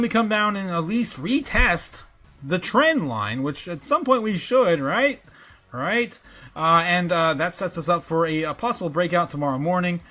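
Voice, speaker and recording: A man hosts a livestream, giggling often and chatting loosely with lots of fillers while reading the chat aloud. His voice is fairly high and a bit bright.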